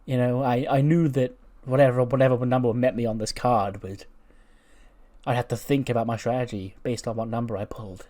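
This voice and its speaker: A man's voice: mid-range voice, fairly even intonation, brisk, warm tone, natural voice. An odd, dreamy female wrestler who rambles on, played by a man in his ordinary voice. She drifts between thoughts in a vague, spacey way.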